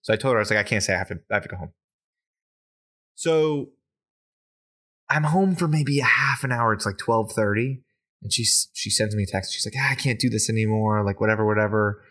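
A man's voice: mid-range voice, lively intonation, brisk, pauses often, bright, forceful tone. A man co-hosting a podcast, casually telling a long story and swearing now and then. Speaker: podcast co-host. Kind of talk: casual chat.

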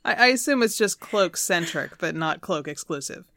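A woman's voice: on the low side, lively intonation, moderate pace, fairly bright tone, no room sound. A woman co-hosting a podcast in casual chat, with wry, dry humor. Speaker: podcast co-host.

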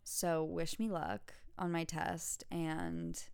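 A woman hosts a casual podcast rant and talks with exasperated emphasis. Her voice sits a little low. The recording is dry and close, with little room sound. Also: sing-song, takes it slowly, vocal fry, a little mellow, clean tone, no room sound. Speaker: podcast host; student.

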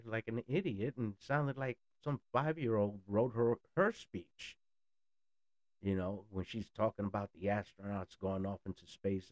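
A man's voice: fairly low pitch, a little mellow, dry recording. A man in a blunt, sarcastic ranting monologue who swears freely. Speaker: political commentator.

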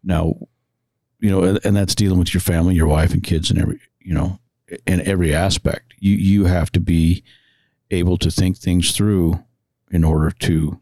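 A man's voice: low-pitched, steady tone, moderate pace, dark tone, no echo. A middle-aged man, a firefighter-paramedic and father, talking plainly in a casual podcast conversation, often stammering and repeating words.

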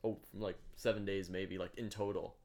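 A man's voice: deep voice, little pitch movement, moderate pace, darkish tone. A young man co-hosting a casual chat with friends, teasing and laughing often.

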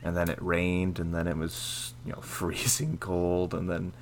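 A man hosting a casual podcast, talking in a steady, rambling way with lots of fillers. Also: low-pitched, measured pace, a little hiss or hum. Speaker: podcast host.

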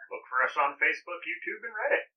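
A man's voice: fairly high pitch, expressive, fast talker, a crowd in the background. A man taking part as a player in a tabletop game, with wry jokes. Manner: wry, joking. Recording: muffled, distant mic.

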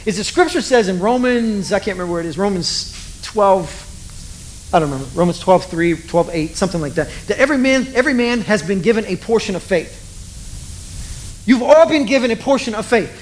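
A preacher speaks in a relaxed, conversational sermon, telling stories and making fun of themselves in a mid-pitched voice at a fairly quick pace. The low-quality recording carries a faint hiss beneath the voice.

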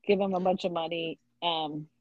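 Woman, lowish voice, muffled lo-fi sound, dry, retelling a book. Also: fairly even intonation, moderate pace, no room sound. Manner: retells scenes, quoting characters. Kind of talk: casual book discussion. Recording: dull lo-fi mic.

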